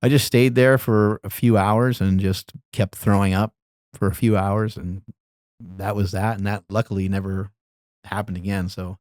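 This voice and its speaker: A middle-aged man, a podcast guest, telling stories in a relaxed, rambling way and laughing now and then. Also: fairly low pitch, normal speed, dry recording, clean studio sound. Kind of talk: casual storytelling.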